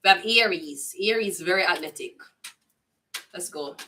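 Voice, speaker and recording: Jamaican woman, tarot reader, casual and profane, bright tense tone, a bit off-mic. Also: on the low side, moderate pace, far from the mic, a little hiss or hum. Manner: blunt, profane, chatty patois.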